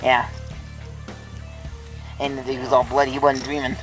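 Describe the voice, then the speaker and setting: A man's voice: mid-range voice, level tone, measured pace, a bit bright, faint music behind, rough recording. A man casually telling a ghost story, rambling with lots of filler words and restarts.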